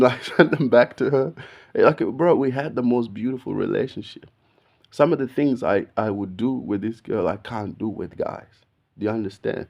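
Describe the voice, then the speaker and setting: A man, telling a story in a casual, slangy, animated way, saying "bro" all the time. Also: medium pitch. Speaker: video podcast host.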